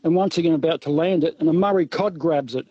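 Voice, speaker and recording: Australian man, radio caller, lively storyteller, husky, slightly high. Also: fast, no echo, muffled recording. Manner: lively yarn-spinner, laughs. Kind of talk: storytelling on a call-in.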